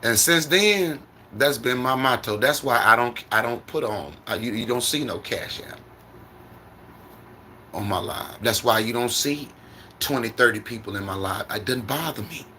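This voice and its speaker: A middle-aged man speaking into his phone on a livestream, with a bright, forceful tone. He tells stories and turns them into lessons, repeating his points like a preacher. Faint background noise sits under his voice. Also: medium pitch, normal speed. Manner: repetitive, preacherly storytelling. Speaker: trucker livestreamer. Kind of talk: casual livestream monologue.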